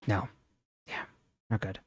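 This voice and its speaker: A young adult woman co-hosting a podcast in casual chat, filling her talk with "like" and animated asides. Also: slow pace, no echo. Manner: chatty, heavy use of "like", animated. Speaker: podcast co-host.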